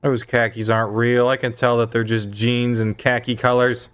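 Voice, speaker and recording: A man's voice: mid-range voice, flat delivery, normal speed, a bit bright, smooth. Man ranting in mock outrage. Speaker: gaming streamer. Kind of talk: casual stream chat.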